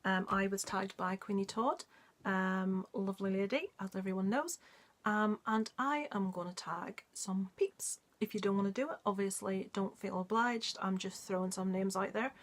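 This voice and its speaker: A woman's voice: mid-range voice, normal speed. A woman movie vlogger in casual chat, talking in a rambling way with many ums and asides.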